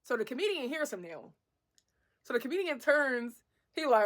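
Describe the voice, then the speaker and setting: A young woman telling a casual storytime, animated and swearing freely, laughing as she goes. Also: a little high, normal speed.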